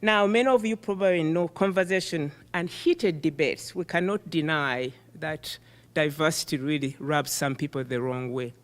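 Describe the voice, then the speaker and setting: A middle-aged woman who is not a native English speaker, giving an animated, emphatic conference keynote. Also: low-pitched, normal speed. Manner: animated, emphatic, self-deprecating. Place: conference hall. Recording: reverberant hall.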